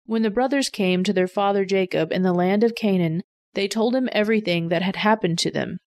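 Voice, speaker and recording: A woman reading a scripture passage aloud in an even, measured narration. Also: mid-range voice. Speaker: Bible reader.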